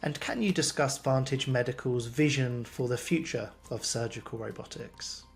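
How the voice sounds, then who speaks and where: A man hosting an interview, asking polite, measured questions. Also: mid-range voice, creaky, faint music behind. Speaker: interviewer, host.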